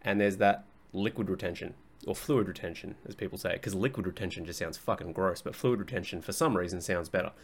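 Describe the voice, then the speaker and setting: A man's voice: low-pitched, a little fast. A young adult man hosting a casual solo podcast as a coach, talking bluntly, swearing often and laughing easily.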